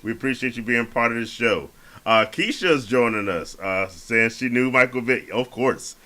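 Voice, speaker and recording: A man's voice: mid-range voice, moderate pace, sharp tone. A man hosting a casual sports podcast, laid-back and slangy, often restarting his words. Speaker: podcast host.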